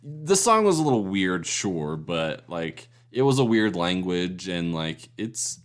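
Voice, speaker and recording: A man with a lowish voice that still swings up and down a lot, chatting about a film. He hedges and restarts before making his point, in an easy conversational way. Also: sing-song, unhurried. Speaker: podcast co-host. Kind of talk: casual movie review chat.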